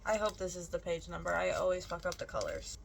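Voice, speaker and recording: A woman's voice: lowish voice, expressive, fast talker, vocal fry. Young woman, casual vlog chat, rambling, self-correcting, faint background hiss. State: out of breath. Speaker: book vlogger.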